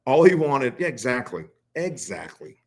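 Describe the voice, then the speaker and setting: A man's voice: mid-range voice, big pitch swings, moderate pace, a little mellow, slightly rough. A man commenting casually on clips, sarcastic and profane, mocking what he hears. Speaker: streamer reacting to clips.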